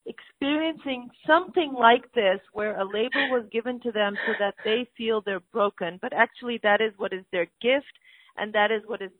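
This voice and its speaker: A woman's voice: fairly high pitch, moderate pace, dry recording. A woman hosting a live call-in show, taking callers and addressing them affectionately as honey and sweetheart. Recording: tinny phone-line audio.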